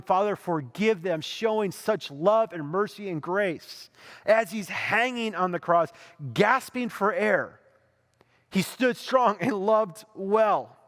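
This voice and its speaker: A male pastor with a high voice preaches in a chatty, lively way. He slips into the voices of the people in his story. His words ring out with a long hall reverb. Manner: conversational, animated storytelling with mock voices. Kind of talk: sermon.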